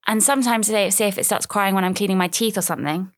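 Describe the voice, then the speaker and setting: A woman's voice: medium pitch, fast, dry recording, studio quality. A woman, talking casually and at length on her own podcast, rambling with self-mocking asides. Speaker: podcast host. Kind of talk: casual solo podcast chat.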